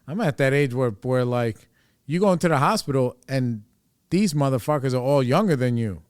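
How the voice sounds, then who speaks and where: A man's voice: medium pitch, lively intonation, normal speed, no echo, clean studio sound. A man in his forties hosting a podcast, telling a personal story in a rambling, candid, profane way. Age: 40s. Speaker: podcast host.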